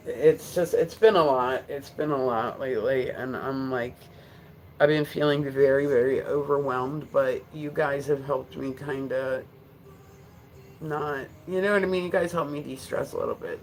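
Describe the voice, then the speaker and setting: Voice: medium pitch, measured pace, darkish tone, slight background noise. A live-stream host with a New Jersey accent, chatting casually in a rambling, filler-heavy way and laughing easily. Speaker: livestream host.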